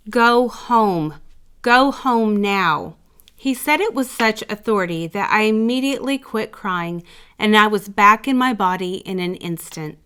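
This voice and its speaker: A woman calmly reading out a first-person story as the channel's narrator, in an even storytelling delivery. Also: mid-range voice, clean tone. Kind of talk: scripted narration of a reader's story.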